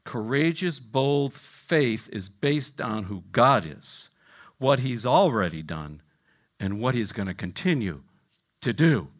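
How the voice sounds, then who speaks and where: A man preaching in a lively, dramatic way, with his voice rising and falling widely. He drops from loud exclamations to hushed near-whispers and keeps checking in with his listeners. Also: mid-range voice, takes it slowly. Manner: repeats "right?" and "I mean" to engage listeners. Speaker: pastor. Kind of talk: sermon.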